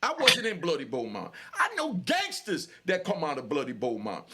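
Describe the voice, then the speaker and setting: An older man talks straight to the camera in a heated, emphatic way, repeating himself and packing his speech with fillers. His voice sits high for a man. He is worked up and angry. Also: wildly swooping pitch, normal speed, a loud crowd. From New York. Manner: emphatic, repetitive street talk with many fillers. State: angry and sweating. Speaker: channel host. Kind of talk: heated direct-to-camera talk.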